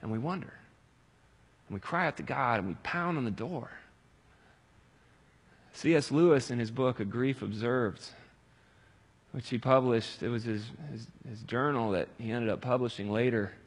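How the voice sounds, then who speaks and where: Husky-voiced man preaching in a reverberant hall. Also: mid-range voice, normal speed, long pauses. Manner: swings from loud pleading cries to quiet reflective reading. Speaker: pastor. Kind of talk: sermon.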